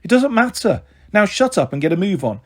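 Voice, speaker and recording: A woman's voice: mid-range voice, big pitch swings, a little fast, a little mellow, pitched above the performer's own voice. A man voicing a young mother with a snappy, bossy manner. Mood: impatient. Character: cross, flighty young mum, sharp-tongued.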